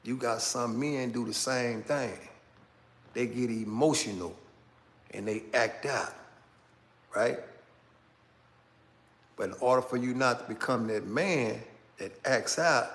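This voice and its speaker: Street-talking man with a slow drawl. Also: medium pitch. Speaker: channel host. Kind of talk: casual commentary monologue.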